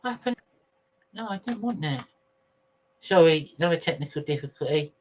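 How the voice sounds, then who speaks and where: Sitting on the high side of the range, this male livestream host sounds expressive and speaks at a normal speed. It's a casual stream where he chats and rambles to viewers, cursing freely as he organizes videos on his computer.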